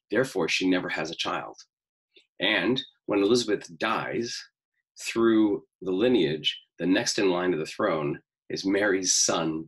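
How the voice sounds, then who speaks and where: A man's voice: sits low, a bit bright, breathy edge, rough recording. A man teaching an acting lesson, explaining the story and then reading through a film scene, talking at length with many fillers.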